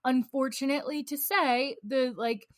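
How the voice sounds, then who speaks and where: A woman's voice: high-pitched, steady tone, normal speed, dry recording, clean studio sound. A woman co-hosting a podcast in casual chat, ranting with rising anger. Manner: fired-up, rants and acts out angry scenes. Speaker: podcast co-host.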